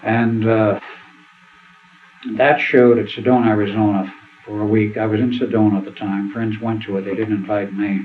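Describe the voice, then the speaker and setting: Older male seminar speaker, low-ish voice, anecdotal and rambling, tinny phone-like audio. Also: little pitch movement, normal speed. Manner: rambling anecdotal storytelling, acts out quotes. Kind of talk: storytelling talk at a seminar. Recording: tinny phone-like sound with faint hiss.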